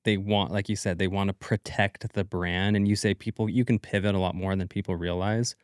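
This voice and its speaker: A man's voice: low voice, fairly even intonation, a little fast, smooth, no room sound, clean studio sound. A man co-hosting a podcast, asking questions and explaining things in a casual, conversational way. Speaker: podcast co-host.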